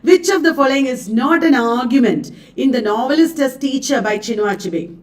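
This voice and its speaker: A woman's voice: high voice, expressive, a little fast. A woman teacher, running an exam quiz lesson, reading out questions and options and repeating them. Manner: chatty, repeats questions and answers aloud. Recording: echoey room, distant mic.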